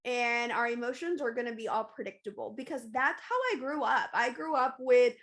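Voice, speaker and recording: A woman's voice: a little high, normal speed, fairly bright tone. A woman hosting a podcast, talking candidly and emphatically in a casual confessional monologue, often repeating phrases for stress. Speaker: podcast host.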